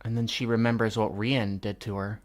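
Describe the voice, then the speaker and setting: A man's voice: fairly low pitch, little pitch movement, normal speed. A man reading a comic aloud and reacting as he goes. He talks casually, swears often and sighs between thoughts. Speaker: manga reader reacting. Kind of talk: live reading reaction commentary.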